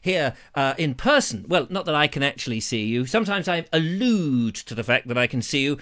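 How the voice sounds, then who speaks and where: A British man with a high, bright voice hosts a live stream, jokey and theatrical. His pitch swoops all over as he trades puns and silly voices with viewers. He is recorded close on a lapel mic. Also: expressive, brisk. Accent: British English. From England. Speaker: live show host. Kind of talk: comic live-stream chat. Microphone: lavalier.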